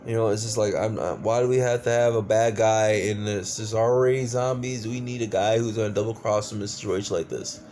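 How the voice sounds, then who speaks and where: A man's voice: fairly low pitch, steady tone, a little fast, few pauses, darkish tone, soft background music. Exasperated man ranting a movie review. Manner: exasperated, profane ranting with many fillers. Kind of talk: casual movie review rant.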